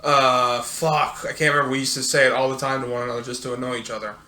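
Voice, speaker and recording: A man co-hosting a podcast, arguing in casual chat, loud and profane and quick to laugh. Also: medium pitch, level tone. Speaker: podcast co-host.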